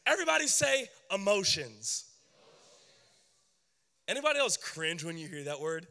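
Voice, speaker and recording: A young man preaches with a high, bright voice, animated and joking with his listeners. The sound rings with the long echo of a large hall. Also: moderate pace, vocal fry, pauses often, soft background music. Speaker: youth pastor. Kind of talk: sermon.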